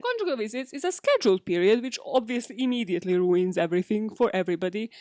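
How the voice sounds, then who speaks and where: A woman's voice: mid-range voice, animated, fast talker, darkish tone, no room sound, studio quality. A young British woman hosting a solo podcast in a chatty, giggly way, swearing freely. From Britain. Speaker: podcast host. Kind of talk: casual solo podcast chat.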